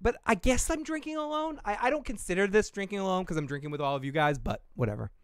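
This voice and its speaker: A man's voice: high-pitched, animated, quick pace, smooth, dry recording, clean studio sound. A man hosting a casual live-stream podcast, rambling and joking with viewers while drinking, swearing freely. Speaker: podcast host.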